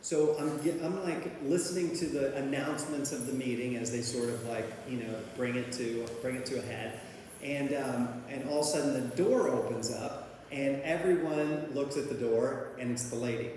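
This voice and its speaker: Here a man of medium pitch and normal speed tells his personal recovery story over background noise. He rambles informally, restarts frequently, leans on fillers, and laughs at what he's describing, all inside a very echoey hall with long reverb.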